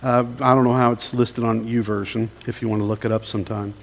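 A man preaching as a pastor, reading a psalm aloud and praying, gentle and unhurried, pausing to invite the congregation to respond. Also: lowish voice, level tone, creaky. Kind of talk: sermon with scripture reading and prayer.

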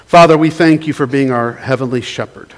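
A man preaching as a pastor, reading a psalm aloud and praying, gentle and unhurried, pausing to invite the congregation to respond. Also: mid-range voice. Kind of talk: sermon with scripture reading and prayer.

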